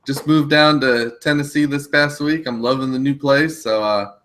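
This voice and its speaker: A man co-hosting a casual tech webcast over a video call, upbeat and quick to laugh. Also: medium pitch, fairly bright tone, a little hiss or hum.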